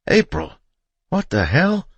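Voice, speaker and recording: A narrator putting on a desperate young husband in a horror audiobook, shouting and pleading over chaos. The voice lifts well above the narrator's deep tone, dry and close. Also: male voice, expressive, slow, slightly rough, no room sound, muffled recording, heavily acted. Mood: frantic. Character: frantic young husband searching for his wife.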